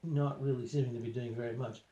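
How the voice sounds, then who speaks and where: A man recounting an out-of-body experience in a halting way, with many fillers. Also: mid-range voice, steady tone, dark tone, dull audio. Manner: halting, filler-heavy storytelling. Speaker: journal vlogger. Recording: echoey room.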